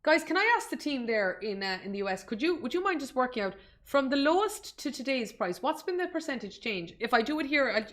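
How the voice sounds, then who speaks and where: A woman's voice: high voice, very animated, brisk, few pauses, fairly bright tone. Irish woman, live investing tutorial host, chatty and self-deprecating, talks straight to the viewers. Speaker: investment webinar presenter. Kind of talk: live screen-share stock tutorial.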